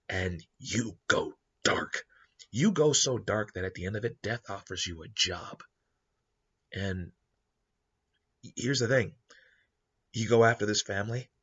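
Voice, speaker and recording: Husky-voiced man pitching a story idea. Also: muffled recording. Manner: animated, acts out quoted characters in passing. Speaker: podcast host. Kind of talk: casual story pitch monologue.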